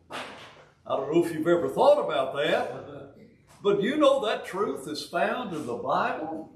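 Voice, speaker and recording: An elderly Southern US man in his eighties preaches a sermon in a folksy manner, with joking asides and halting restarts. His voice sits slightly high for a man. The recording picks him up from a distance in a roomy, echoing hall. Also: very animated, fairly bright tone, slight background noise. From Alabama, US. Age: 80s.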